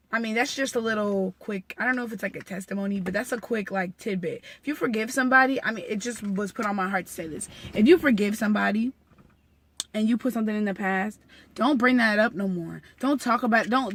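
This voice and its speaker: A woman's voice: mid-range voice, brisk, a bit bright. A young woman talking earnestly and heartfelt in a casual personal vlog, rambling with many fillers. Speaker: vlogger. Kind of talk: candid personal vlog talk. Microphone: phone.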